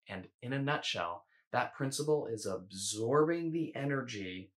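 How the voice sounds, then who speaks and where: A low-voiced man gives a calm instructional talk as an eating coach. He speaks in a measured, unhurried way and now and then restarts a phrase.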